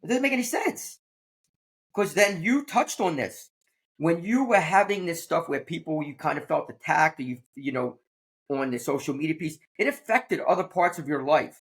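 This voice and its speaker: A man's voice: on the high side, animated, normal speed. A man hosting a podcast, a teacher who talks in a blunt, plain-spoken way during casual conversation. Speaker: podcast host.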